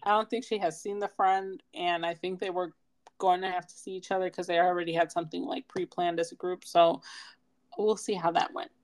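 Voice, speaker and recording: A young woman, co-hosting a casual podcast chat and telling stories in an animated way. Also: fairly low pitch, a little fast, low-quality recording. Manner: animated storyteller, laughs often. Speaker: podcast co-host.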